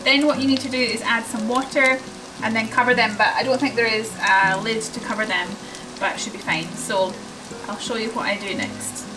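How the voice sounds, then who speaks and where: A woman's voice: a little high, fairly even intonation, normal speed, reverberant, background noise. A young Scottish woman chatting casually while she cooks in a small narrowboat cabin, explaining each step as she goes. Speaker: vlogger. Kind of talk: casual vlog chat while cooking.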